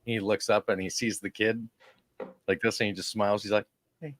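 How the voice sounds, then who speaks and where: A man's voice: on the low side, a little fast. A man co-hosting a podcast, telling crude stories in casual chat and acting out the people in them. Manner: crude, animated storytelling with put-on voices. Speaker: podcast co-host.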